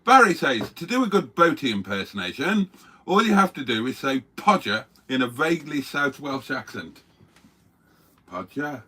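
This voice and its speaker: Older male co-host for a casual live stream: bright, animated and wry, pokes fun at himself. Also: medium pitch, moderate pace, slightly rough. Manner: wry, self-mocking banter. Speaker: co-host reading viewer comments.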